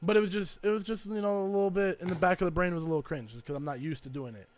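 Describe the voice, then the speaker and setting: A man's voice: sits high, very fast. A young man co-hosting a podcast, talking in a rambling, reflective way with lots of fillers. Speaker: podcast co-host. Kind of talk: casual chat.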